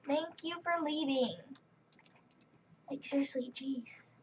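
Speaking slowly in a high voice with fairly even intonation, a gaming channel host keeps up a relaxed, chatty commentary during play and often gets fed up with other players. Her dull lo-fi mic carries faint keyboard clicks and a little hiss or hum.

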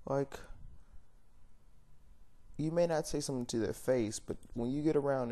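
Ranting casually to camera, this young man rambles bluntly, filling gaps with fillers and frequently correcting himself. His voice is mid-range and mellow, at a moderate pace with long pauses.

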